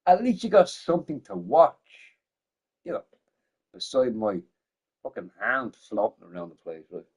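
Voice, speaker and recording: Pijany, hałaśliwy mężczyzna na streamie, przeklinający i powtarzający się. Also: male voice, medium pitch, big pitch swings, normal speed, slightly rough. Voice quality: loud, swinging between shouting and mumbling. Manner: swears a lot, laughs often, repeats himself. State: drunk. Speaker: gaming streamer. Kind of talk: rambling casual livestream chat.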